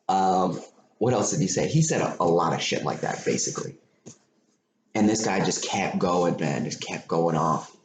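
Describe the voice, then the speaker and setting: Low-voiced and moving at a moderate pace, a man hosting a podcast tells a story animatedly, cursing and going over the same points again. The echoey room picks up faint noise.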